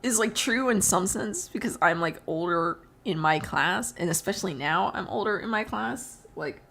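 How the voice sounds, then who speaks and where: A woman's voice: medium pitch, animated, normal speed, gravelly, fairly bright tone, slight background noise. A teenage girl live streaming, chatting casually and rambling through stories, laughing often and swearing freely. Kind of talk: casual chat while drawing on stream.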